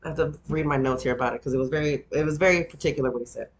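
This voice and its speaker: A woman hosting a podcast in casual chat, talkative and animated, her voice jumping up high when she gets excited. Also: very fast, slight background noise. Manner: chatty, animated, jumps up in pitch when excited. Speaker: podcast host.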